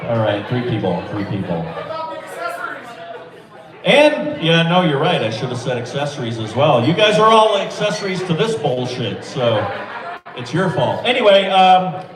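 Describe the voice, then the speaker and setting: A man doing a stand-up set with a deadpan, self-deprecating delivery in a small club. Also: fairly high pitch, moderate pace, far from the mic. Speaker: stand-up comedian. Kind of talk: open-mic stand-up set. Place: small comedy club or bar. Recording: echoey club mic, crowd laughter, from afar.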